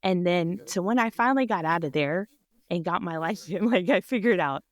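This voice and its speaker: A woman in her forties, a surgical technology department chair, telling an animated personal story in a podcast interview and laughing often. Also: lowish voice, a little fast. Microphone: podcast microphone.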